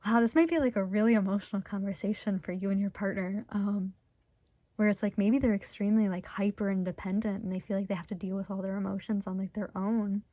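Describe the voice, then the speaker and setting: Tarot reader in her twenties, mellow tone, chatty and filler-heavy, dull lo-fi recording. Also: mid-range voice, fairly even intonation, fast talker, dry recording. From Michigan, USA. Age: 20s. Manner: emotionally open, talks through her feelings. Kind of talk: casual pick-a-card tarot reading.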